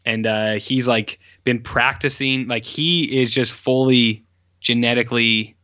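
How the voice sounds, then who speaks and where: Bright-voiced rambling man in casual chat. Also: mid-range voice, steady tone, a little slow, no room sound, highs cut off. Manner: rambling, lots of "like" fillers and self-corrections. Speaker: podcast co-host reviewing films.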